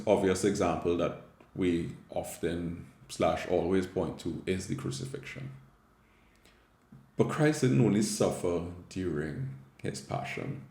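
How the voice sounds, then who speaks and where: Deep, gravelly Caribbean man reflecting on scripture. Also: warm tone, echoey room. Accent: Caribbean English. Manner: conversational, with frequent "right?" tag questions. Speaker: Catholic theologian and teacher.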